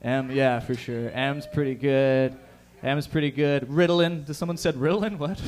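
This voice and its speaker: A man's voice: medium pitch, measured pace, a little mellow. A man hosting a live stand-up show from a bar stage, bantering crudely with the crowd on a handheld mic. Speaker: stand-up host.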